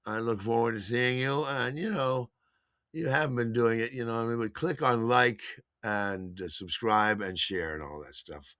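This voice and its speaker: A man hosts his own podcast, rambling casually through a story with frequent chuckles and repeated words. His medium-pitched voice is a bit bright and clean, at a normal speed, in a clean studio recording with no room sound.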